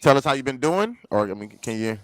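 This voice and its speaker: A man co-hosting a casual podcast chat, playful and quick to laugh, stretching out his teasing lines. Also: medium pitch, very animated, fairly bright tone, no echo, rough recording. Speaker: podcast co-host. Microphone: remote recording.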